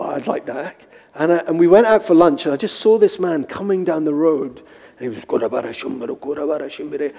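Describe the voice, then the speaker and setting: Male pastor, slightly high voice, storytelling sermon with acted-out quotes, long hall reverb. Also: dark tone. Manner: storytelling, acting out quotes with high squeaky voice for himself. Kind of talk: sermon with personal stories.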